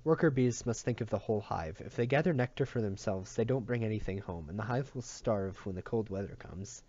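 A man's voice: fairly low pitch, brisk, mellow, dull audio, lightly acted. A man voicing a stern adult male keeper who lectures boys in a harsh, preachy tone.

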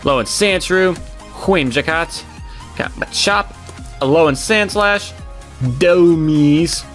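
A man co-hosting a casual card-opening chat, excitable and quick to laugh and groan. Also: a little high, soft background music. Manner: excitable, laughs loudly and groans at his co-host's jokes. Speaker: co-host opening trading cards.

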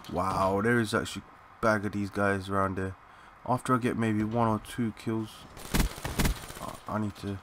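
A young man giving excitable, swearing live commentary while playing a shooter, calling out to teammates in slang. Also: on the low side, normal speed, background noise. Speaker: gaming channel host.

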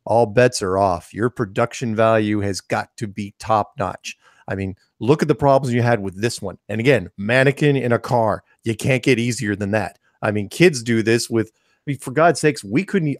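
A man co-hosting a casual podcast conversation, telling stories in an animated way with frequent restarts. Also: medium pitch, no echo, studio quality. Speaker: co-host.

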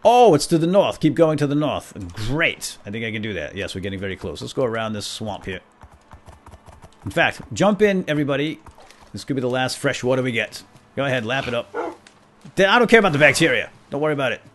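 A man's voice: medium pitch, lively intonation, brisk. A man role-playing a bumbling, self-important knight who chatters at his animal companions in a playful, comic manner. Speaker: role-play gamer narrating in character. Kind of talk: comedic in-character role-play. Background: faint background music.

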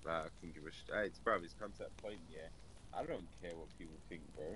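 Deep-voiced man with faint background noise. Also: fast talker, pushed and bright. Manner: slangy, swearing, says bro a lot. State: coughing, feeling rough. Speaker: fellow streamer. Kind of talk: casual chat on a live stream.

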